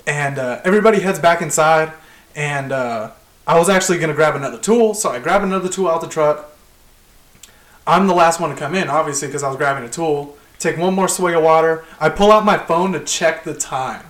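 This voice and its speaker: A young working man tells a story from his job in a loose podcast chat. He swears a lot and laughs his way through it, and his voice sits high. The room echoes around him. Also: brisk, fairly bright tone. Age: young adult. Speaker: tradesman telling a work story. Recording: roomy echo.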